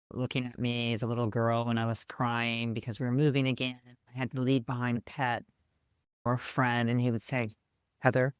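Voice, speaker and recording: Heartfelt, expressive woman co-host. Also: extremely low pitch, smooth, dry recording, clean studio sound. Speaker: podcast co-host. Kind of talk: casual podcast chat.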